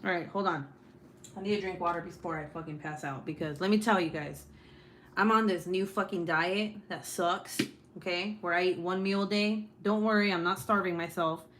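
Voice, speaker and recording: A woman around thirty hosting a casual live stream, talking loudly with plenty of swearing and laughter. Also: lowish voice, steady tone, normal speed, slight background noise. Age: 30s. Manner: loud and profane, laughing often. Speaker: host.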